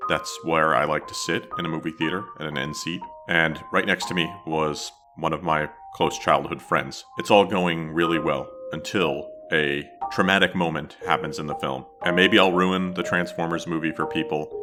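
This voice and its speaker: A man's voice: a bass voice, fairly even intonation, normal speed, hardly any pauses, over music. A man hosting a podcast, telling a childhood memory in reflective, scripted narration. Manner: reflective storytelling. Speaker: podcast host.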